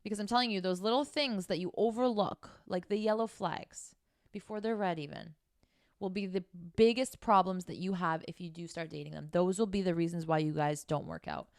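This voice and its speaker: A woman's voice: lowish voice, fairly quick, vocal fry, dry recording, clean studio sound. A woman giving dating advice in a blunt, scolding, casual monologue full of swearing. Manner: casual, conversational. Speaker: dating coach.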